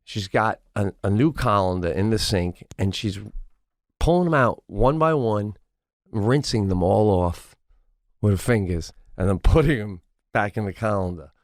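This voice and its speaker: A man co-hosting a podcast, telling a story in casual chat, animated and swearing, acting out other people in raised voices, recorded in a home studio. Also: fairly low pitch, measured pace, no room sound. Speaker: podcast co-host.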